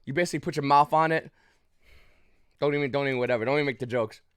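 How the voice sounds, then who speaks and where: A man's voice: mid-range voice, racing, a bit bright, clear, resonant tone, dry recording. A man casually recounting a story to the camera, rambling with restarts and short of breath, with frequent coughs. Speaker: YouTube channel host.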